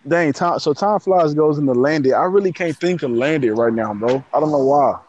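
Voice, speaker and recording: A man's voice: on the high side, moderate pace, a little mellow, lo-fi sound. A man co-hosting a casual music review chat, blunt and dismissive in a loose slangy way.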